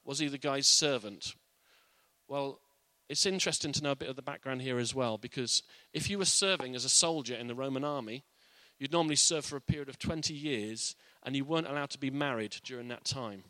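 A man's voice: medium pitch, a little fast, sharp tone, no room sound. A man giving an informal, earnest Bible teaching in a conversational way.

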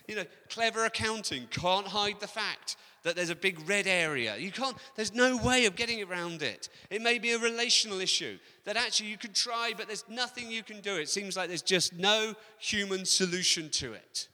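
A man delivers a sermon in an animated storytelling manner. His voice sits high for a man and sounds strikingly bright. The long reverb of a large hall rings around every phrase. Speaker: pastor.

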